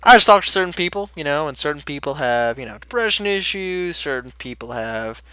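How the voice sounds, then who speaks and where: A man's voice: a little high, expressive, fairly quick, pushed and bright, clear, resonant tone, dry recording. A young man, rambling energetically as he chats through a gameplay commentary. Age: late teens. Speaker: Let's Play host.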